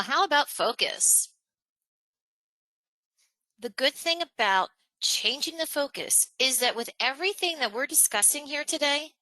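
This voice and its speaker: A woman presenter leads a virtual training session on a video call, talking energetically and putting emphasis on her key points. Her voice sits a little high and bright, and the close mic sounds dry. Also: dry recording, poor audio. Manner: energetic, emphatic, varies tone and pace on purpose. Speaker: webinar presenter.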